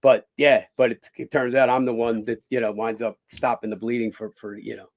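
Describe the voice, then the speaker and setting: A man talks as a guest in a casual interview, and his voice has a gravelly, rough texture. He tells his stories with energy and acts out other people's lines, swearing freely along the way. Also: mid-range voice, level tone, fairly quick. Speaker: guest, former boxer and cut man.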